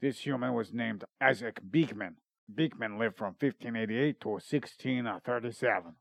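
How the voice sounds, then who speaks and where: In a dry, studio-quality recording, a gravelly man with a mid-range voice talks at moderate speed. He's a podcast host in loose comedy mode, rambling, joking, and sometimes reading notes from his research.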